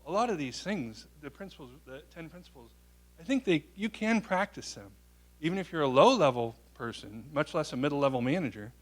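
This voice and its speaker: A man giving a public talk, answering an audience question with a lively story. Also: on the high side. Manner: animated storyteller, quotes people in their voices. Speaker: guest speaker.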